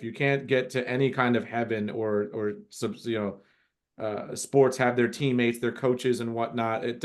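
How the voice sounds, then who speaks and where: A middle-aged man hosting a casual group call, urging people to ask questions. His pitch is average for a man and his talk wanders with restarts and fillers, staying warm and encouraging. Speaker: host of a group coaching call.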